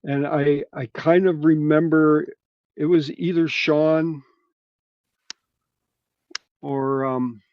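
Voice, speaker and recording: A middle-aged man with a slightly high voice spins long, rambling anecdotes in easy conversation, cursing as he goes. The sound is dry and a little muffled. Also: little pitch movement, slow, pauses often, dry recording. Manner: loose, rambling, swears freely. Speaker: guest musician. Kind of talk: casual storytelling.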